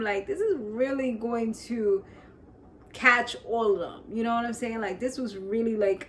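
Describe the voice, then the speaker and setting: A woman's voice: on the high side, slight background noise. A New York woman casually recapping a TV episode, laughing often and acting out the characters' lines. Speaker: recap vlogger.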